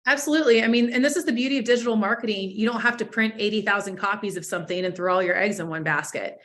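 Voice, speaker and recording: A woman's voice: mid-range voice, racing, fairly bright tone. A woman guest on a marketing podcast, talking in a direct, upbeat way. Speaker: guest, agency president. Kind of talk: casual chat.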